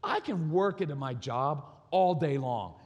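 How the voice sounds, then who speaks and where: The recording is muffled, and a long large-hall reverb surrounds a man's fairly high, slightly mellow and slightly rough voice. Animated but measured in pace, he gives a candid conference talk on parenting and marriage, acting out quoted dialogue in his stories.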